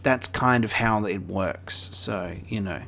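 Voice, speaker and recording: A man's voice: lowish voice, slow pace, vocal fry, sharp tone, soft background music. A man, joking and reading game dialogue aloud in a let's play. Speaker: gaming streamer.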